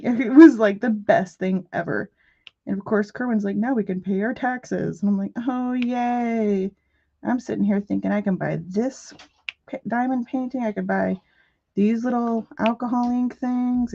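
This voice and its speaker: A woman hosting a casual craft live stream, telling stories in an animated way and chatting back to viewer messages. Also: medium pitch. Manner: animated storytelling, quick asides to chat messages. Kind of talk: casual chat. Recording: muffled lo-fi audio.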